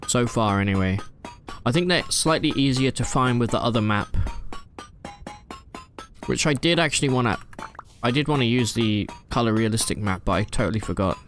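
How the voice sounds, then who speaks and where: A man's voice: medium pitch, lively intonation, moderate pace, a bit bright, soft background music. Chatty man streaming a game. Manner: rambling, chatty, answering chat with fillers. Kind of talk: live gameplay stream chat. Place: his room at home.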